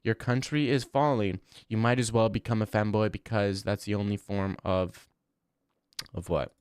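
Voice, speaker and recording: A man's voice: fairly low pitch, a little fast, clear, resonant tone, dry recording, clean studio sound. A man in his twenties chatting casually on a live stream, rambling bluntly and swearing freely. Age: 20s.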